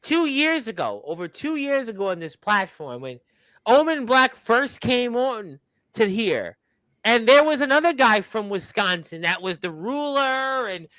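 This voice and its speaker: High, bright-voiced wrestling radio host man. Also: very animated, a little slow, no echo, low-quality recording. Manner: rambling, folksy, repeats words. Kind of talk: wrestling talk show banter.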